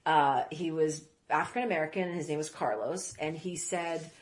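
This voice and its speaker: A woman guest who grew up in Iraq, telling stories in a casual interview, rambling with quick asides. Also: low-pitched.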